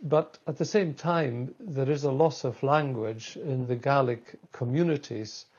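A man guest answering interview questions in a thoughtful, measured way. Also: mid-range voice, darkish tone, husky, dull audio.

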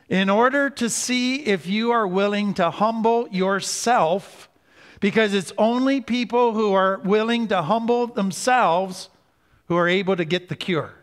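A man giving an earnest teaching talk on recovery, slowing down to stress key points. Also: sits high, a bit bright. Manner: earnest, slows down for emphasis. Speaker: recovery speaker. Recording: hall reverb.

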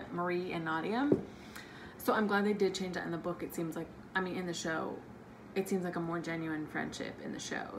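A woman's voice: lowish voice, background noise. Gushing tipsy young woman reviewing a book. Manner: gushing and excitable, with filler "like". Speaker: book vlogger.

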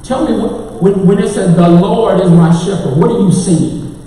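A man's voice: sits high, normal speed, dark tone. A man with a Texan accent preaching a sermon as pastor, calling out to his congregation and tech crew. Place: church sanctuary. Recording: echoey church hall, mic far off.

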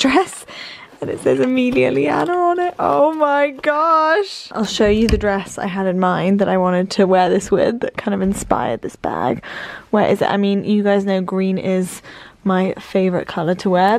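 In her bedroom at home, a young woman vlogger chats casually while unboxing parcels, gushing and excitable with lots of exclamations. Her medium-pitched voice sounds roomy, with a little hiss or hum.

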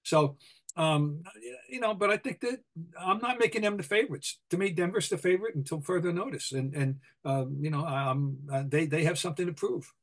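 An older man with a Boston accent, co-hosting a sports podcast, opinionated and full of halting restarts. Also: fairly high pitch. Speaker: podcast co-host, basketball writer. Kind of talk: casual sports talk.

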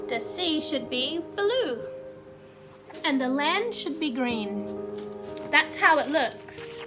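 Woman, kindergarten teacher, high voice, unhurried, encouraging, quizzing little kids, music playing behind. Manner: slow, encouraging, asks children many questions. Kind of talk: recorded online class for young children. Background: background music.

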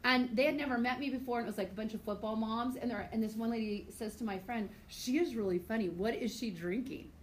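A woman teacher lectures her class in a chatty, goofy way and drifts into stories along the way. Her voice sits a little high, and faint classroom noise stays under it. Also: quick pace, few pauses, echoey room, rough recording. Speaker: high school biology teacher.

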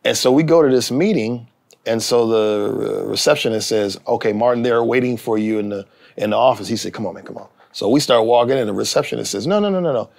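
In a relaxed interview, a middle-aged TV writer and actor recounts a story briskly, his fairly low voice edged with vocal fry. He gets animated, voicing each person he quotes.

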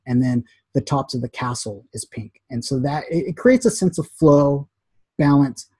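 Chatty husky-voiced man teaching design. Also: medium pitch, no echo. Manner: chatty and animated, acts out quotes. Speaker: graphic design instructor. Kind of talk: casual recorded lesson.

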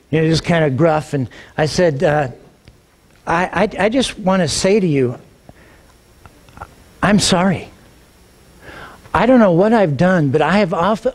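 A middle-aged man, a pastor, telling a personal story in a sermon, animated and acting out the dialogue, often repeating words as he gets going. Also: high-pitched. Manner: animated, acts out quoted dialogue, repeats words when excited.

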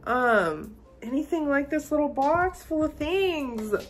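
A woman's voice: high-pitched, slow, faint music behind. A young woman gushing and gasping as she unboxes a gift for her vlog. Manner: gushing, excitable, frequent gasps and "oh my gosh". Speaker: manga vlogger. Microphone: phone camera.

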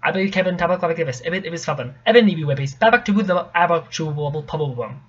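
A young man reading a tricky poem aloud in a casual, halting way, often stopping to correct himself and mutter asides. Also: a little high, expressive, slightly rough. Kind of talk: casual stumbling read-aloud. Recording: dull lo-fi home recording.

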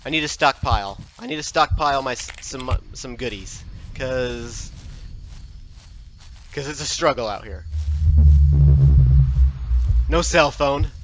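A man commentating his own play of a scary game, talking to himself and yelping and shouting when startled. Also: medium pitch, measured pace, long pauses, faint music behind. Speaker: gaming video host. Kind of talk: live gameplay commentary.

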